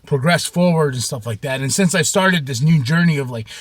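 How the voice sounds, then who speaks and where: A man telling a rambling story to camera in a casual, profane way, with sudden shouts and many repeats. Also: fairly high pitch, fairly quick, a little hiss or hum. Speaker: vlogger.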